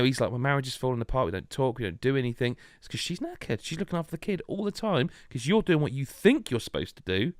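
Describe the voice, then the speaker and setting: British guy on a podcast call, mid pitched, really dry close sound, animated storytelling. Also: creaky, no room sound. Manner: animated storytelling, laughing asides. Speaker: podcast host. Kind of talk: casual podcast chat. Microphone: remote video call.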